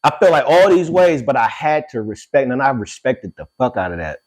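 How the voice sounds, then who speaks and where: Middle-aged male podcast host, lively voice, loose and profane storyteller. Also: mid-range voice, a little fast, hardly any pauses, breathy edge. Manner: animated storytelling, swears freely. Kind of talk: casual chat.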